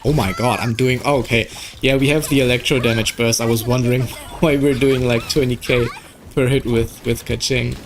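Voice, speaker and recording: A young man from Germany with a German accent, giving casual gameplay commentary, excitable and swearing at the game. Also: medium pitch, normal speed. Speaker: gaming streamer.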